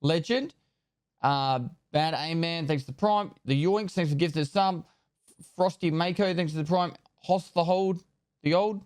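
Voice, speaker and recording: A man on a live stream, his voice smooth and a touch higher than most men's, reading out viewer names and thanks in quick, loose bursts. He jokes around and swears now and then. It is a close desk mic in a dry, dead room. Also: dry recording. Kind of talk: casual live-stream chat, reading out subscriber thank-yous.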